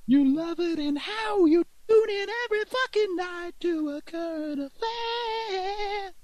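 A woman's voice: very high-pitched, a little mellow, voice pushed up. A woman voicing a brash tabloid TV announcer who stretches her words out dramatically and swears. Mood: hyping. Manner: drawn-out, mock-dramatic, swearing.

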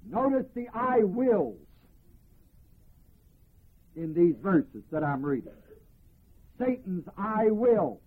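A man with a high, breathy voice delivers a sermon at an unhurried pace, drawing out the scripture he reads. He stresses each phrase with care. The recording is thin and tinny, like a phone line. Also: sing-song. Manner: slow, emphatic, drawn-out reading of scripture. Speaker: preacher. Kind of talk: sermon, Bible teaching.

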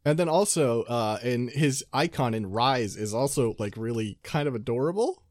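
A man's voice: mid-range voice, lively intonation, moderate pace, darkish tone, no room sound, studio quality. A man co-hosting a casual video game podcast, enthusiastic and giggly, often trailing off mid-sentence. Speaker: podcast co-host.

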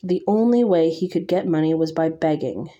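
A woman reading a novel aloud in first person, measured and slightly halting. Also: low voice, mellow, dull audio. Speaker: audiobook reader.

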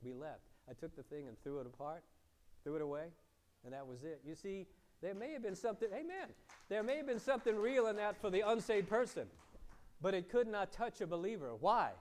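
A man preaching a sermon as pastor, asking the congregation questions, moving between loud emphasis and quiet, low asides. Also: expressive, a little fast.

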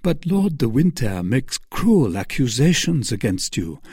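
A man's voice: medium pitch, very animated, measured pace, a little mellow, slightly rough, no echo, clean studio sound, full character voice. A man voicing a young Puritan officer who speaks earnestly and urgently, torn between duty and pity. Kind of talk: audiobook character voice.

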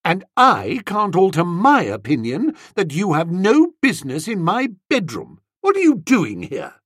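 A storybook reader voicing an imperious, scheming young woman who talks fast and bosses everyone around. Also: medium pitch, wildly swooping pitch, breathy edge, no room sound, clean studio sound, exaggerated voice. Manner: bossy, fast and breathless.

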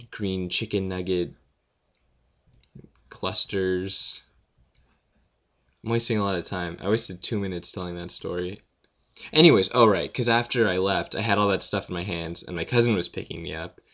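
Young man, just out of bed, rambling self-deprecating vlogger; deep, gravelly, slightly muffled home recording. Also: bright, forceful tone. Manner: rambling, self-mocking, filler-heavy with frequent "like". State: just woken up. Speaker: blogger answering questions. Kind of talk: casual rambling monologue.

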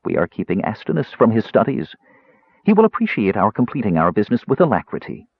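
A man voicing a proud young woman cleric who speaks crisply, coldly and formally, in an audiobook reading. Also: lowish voice, huge pitch swings, fast talker, dry recording, exaggerated voice. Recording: dull lo-fi dry recording.

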